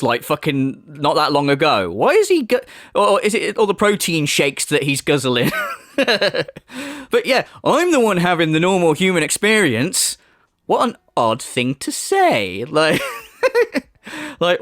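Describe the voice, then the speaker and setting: A man's voice: fairly high pitch, huge pitch swings, moderate pace, a bit bright, no room sound, studio quality. A man giving profane, sarcastic commentary over video clips, laughing and mocking as he goes. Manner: sarcastic, laughing, swearing freely. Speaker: commentary YouTuber.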